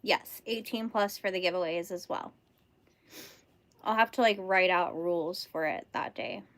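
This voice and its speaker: A woman's voice: on the low side, moderate pace, fairly bright tone, dry recording. A young woman from California with a Californian accent, hosting a casual crochet livestream, chatting bubbly with viewers and laughing often. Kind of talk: casual live-stream chat with viewers.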